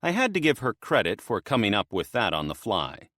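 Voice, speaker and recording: A man narrating an audiobook in the first person, in a lively, expressive storytelling manner. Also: on the low side, a little fast, no room sound, clean studio sound.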